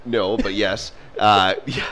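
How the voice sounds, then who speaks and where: A man's voice: on the low side, steady tone, slow, a bit bright. A man in a casual podcast chat, adding dry, short quips.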